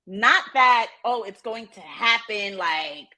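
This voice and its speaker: Lively bright-voiced woman podcaster. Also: mid-range voice, slow pace. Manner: animated storytelling with slang. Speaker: podcast co-host. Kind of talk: casual podcast chat.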